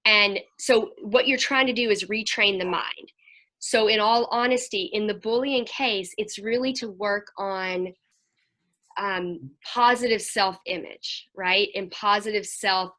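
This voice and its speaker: A woman counselor talking to a group over a video call, telling lively stories and acting out what children said. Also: mid-range voice, measured pace. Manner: animated storyteller, acts out children's voices.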